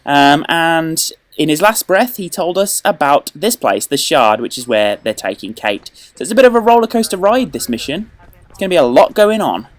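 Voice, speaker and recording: A man's voice: on the high side, moderate pace, dry recording. Playful man narrating a game walkthrough. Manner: jokey, playful, excitable outbursts. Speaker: let's play host.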